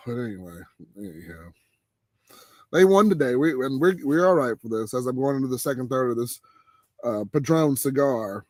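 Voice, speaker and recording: A man hosting a casual late-night chat, animated, his voice leaping high when he gets excited. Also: no room sound. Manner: animated, exclaims with big pitch jumps when excited. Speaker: podcast host.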